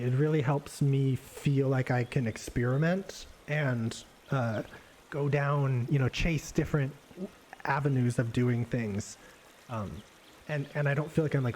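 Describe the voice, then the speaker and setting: A man talks through his painting in an easy, meandering way, pausing on fillers and circling back over his words as he works. His pitch sits in the middle of the range, and a faint hiss of noise lies under the voice. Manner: relaxed, rambling, many fillers and restarts. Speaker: art instructor painting live. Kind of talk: casual live painting demonstration. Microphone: desk microphone on a livestream.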